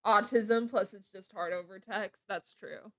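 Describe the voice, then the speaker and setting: Slow-talking woman streamer, giggly. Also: medium pitch, dry recording, studio quality. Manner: rambling, giggles often. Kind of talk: casual live gameplay commentary.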